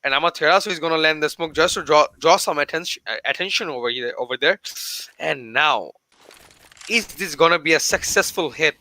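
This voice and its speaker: Young guy casting esports live, high voice, super bright and sharp, hyped and chatty. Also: brisk. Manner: excitable, casual, says "bro" to the audience. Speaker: esports caster. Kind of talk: live play-by-play commentary.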